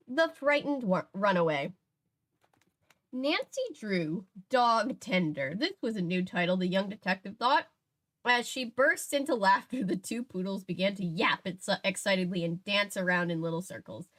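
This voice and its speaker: Brief: woman host reading a mystery novel aloud, relaxed and chatty, fixes slips as she goes. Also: medium pitch, moderate pace. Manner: relaxed, self-correcting, laughs at asides. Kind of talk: casual read-aloud with chatty asides.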